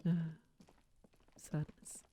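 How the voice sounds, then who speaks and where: A streamer casually commenting on a game and reading lines aloud, musing and swearing in an unhurried way. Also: female voice, mellow.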